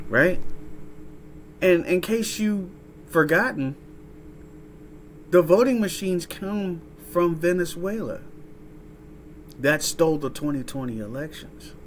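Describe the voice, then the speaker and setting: A man's voice: fairly high pitch, slight background noise. A man hosting a casual reaction commentary, rambling and profane, often tagging lines with "right?" and "huh?". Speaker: host reacting to a clip.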